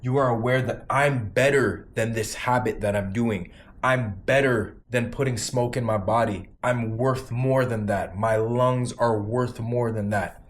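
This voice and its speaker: A man's voice: mid-range voice, measured pace. A man in his thirties giving an emphatic motivational talk to camera, repeating lines for punch and swearing casually. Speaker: vlogger giving quit-weed advice.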